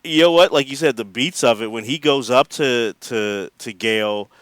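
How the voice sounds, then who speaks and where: Male podcast co-host, mid-pitched, dry close sound, lively, laughs a lot. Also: normal speed, no echo. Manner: animated, acts out quotes, laughs often. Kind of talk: casual chat.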